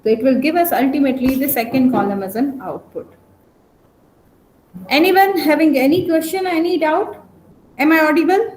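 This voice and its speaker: A woman's voice: sits high, moderate pace, long pauses, a little mellow. A woman teaching a programming class online, often stopping to check whether students follow. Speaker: programming lecturer. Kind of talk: online lecture. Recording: echoey room, faint noise.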